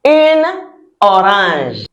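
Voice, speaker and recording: A woman teaching French vocabulary, saying each word slowly and lifting her voice on the articles. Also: wildly swooping pitch, creaky, muffled recording. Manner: slow drawn-out model words with high lifted articles. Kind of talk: repeat-after-me vocabulary lesson.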